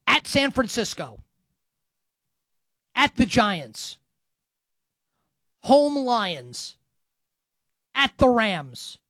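Animated sarcastic football analyst, man. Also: high-pitched, dry recording. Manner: animated, sarcastic, breaks into sung bits. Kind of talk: solo sports commentary.

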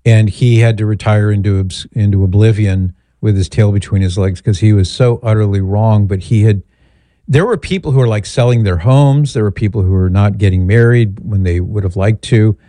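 Male call-in host, middle-aged, low warm voice, rambling but measured. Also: no echo. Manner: measured, thoughtful, rambling asides. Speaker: radio show host. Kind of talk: call-in advice talk.

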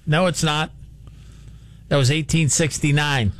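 A man's voice: a little high, fairly even intonation, a little slow, a bit bright. A man co-hosting a sports radio show, chatting casually with brief, teasing interjections.

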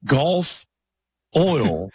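A man's voice: a little high, sing-song, extremely slow, a little mellow, slightly rough, dry recording. A man co-hosting a casual podcast, teasing and cutting in.

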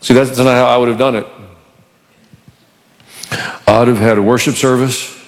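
A male pastor preaching a sermon in a church, animated and conversational with touches of humor. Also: medium pitch, moderate pace, in a large hall.

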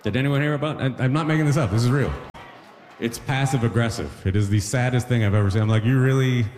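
A man doing stand-up comedy in a loose, conversational way, full of asides and "you know what I mean" tags. His voice sits at an ordinary pitch. The sound rings with long reverb from a big hall. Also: fast, darkish tone. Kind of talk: stand-up set.

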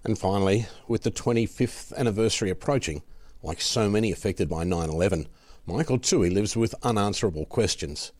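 A man reading the news as an anchor, with a measured, formal delivery from a studio. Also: fairly low pitch, darkish tone, no echo. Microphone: studio mic.

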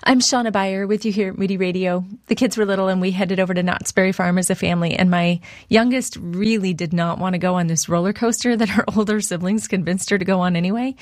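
A woman's voice: mid-range voice, steady tone, fast, hardly any pauses, no room sound. A woman shares a personal story as a radio devotional. Her delivery is conversational. The recording is dry and close.

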